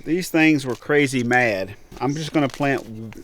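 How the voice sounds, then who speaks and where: A man's voice: medium pitch, a little slow, a bit bright. A man chatting casually and teasingly while he plants seeds in a basement setup. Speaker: home gardening vlogger. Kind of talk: casual joking chat. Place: basement seed-starting setup.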